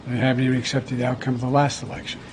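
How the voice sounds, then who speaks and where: An older man, a politician, answering a reporter's question in a halting, hesitant way, repeating words as he goes. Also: mid-range voice, completely flat delivery, a little mellow, a little hiss or hum. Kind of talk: press remarks.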